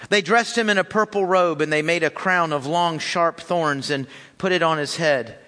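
Earnest pastor in a reverberant hall. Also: male voice, fairly high pitch, moderate pace, sharp tone. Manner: earnest, with repeated phrases. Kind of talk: sermon with scripture reading.

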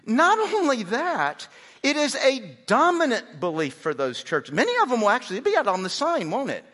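A man's voice: very high voice, huge pitch swings, moderate pace, sharp tone. A man, a pastor, preaching a conversational sermon and often repeating words as he starts a sentence. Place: large church sanctuary. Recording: hall reverb.

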